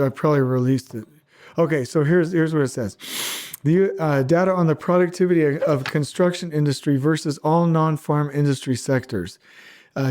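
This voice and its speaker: A man's voice: on the high side, a little mellow. A man in his forties hosting a podcast, blunt and combative, repeating his points for emphasis. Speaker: podcast host. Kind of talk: fired-up podcast rant.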